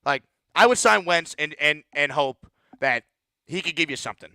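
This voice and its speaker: A man's voice: a little high, lively intonation, moderate pace, sharp tone, clean tone, no echo, clean studio sound. A man hosting a postgame call-in sports show, ranting bluntly and repeating words when he gets heated. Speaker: sports talk show host.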